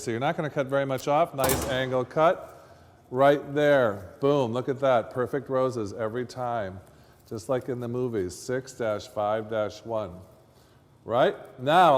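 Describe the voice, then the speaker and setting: A chatty man coaching a class through a hands-on floristry demonstration, quizzing his students as he goes. His mid-pitched voice rings with a long hall reverb, as in a workshop classroom. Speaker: floristry instructor.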